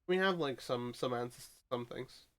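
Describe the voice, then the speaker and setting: A man's voice: medium pitch, moderate pace, fairly bright tone. A man casually commenting on his own card game match, thinking aloud and often restarting his sentences. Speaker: streamer playing a card game.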